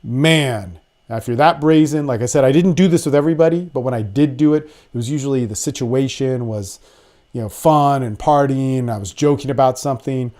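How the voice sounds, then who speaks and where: A man's voice: mid-range voice, brisk, darkish tone. A young man hosting a podcast, talking in a blunt, profane, rambling casual monologue. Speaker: podcast host.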